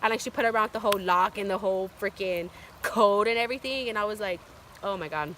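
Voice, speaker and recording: Young woman, storytime vlogger, bright voice, rambling chatty delivery. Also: mid-range voice, quick pace, a little hiss or hum. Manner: chatty, filler-heavy with constant "like". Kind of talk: casual storytime.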